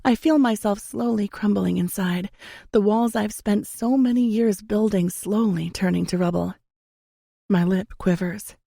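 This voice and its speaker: A young adult woman narrating a first-person romance audiobook in an intimate, measured way on a close studio mic. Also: medium pitch, creaky, dark tone, no echo.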